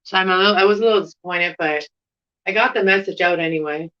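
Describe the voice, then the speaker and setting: A woman's voice: fairly low pitch, fast talker, muffled recording. A middle-aged Canadian woman with a Canadian accent, chatting casually to camera in a rambling, giggly way. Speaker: plant vlogger.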